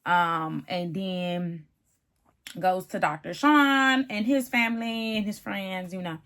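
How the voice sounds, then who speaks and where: A woman giving a casual, animated reality-TV recap, chatty and calling the viewer "honey" and "baby". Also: medium pitch, slow pace. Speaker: TV show reviewer.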